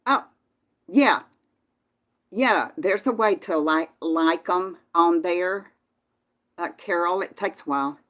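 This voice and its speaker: A woman's voice: lowish voice, slow, long pauses, a bit bright. A woman from Texas with a Southern accent, casually chatting with viewers on a live stream in a folksy manner. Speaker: channel host reading live chat.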